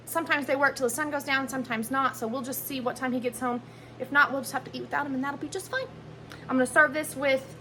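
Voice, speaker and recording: A woman talks through dinner prep in her home kitchen, rambling and correcting herself as she goes. Her voice is bright and a little high. A faint room hum sits under the phone recording. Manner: chatty, rambling, self-correcting. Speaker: vlogger cooking at home. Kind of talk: casual chat while cooking. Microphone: handheld phone camera.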